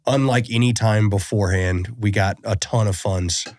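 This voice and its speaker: A man hosting a podcast, chatting casually and relaxed about his service. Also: fairly low pitch, normal speed, no room sound, studio quality. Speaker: podcast host, Coast Guard veteran. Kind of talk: casual conversation.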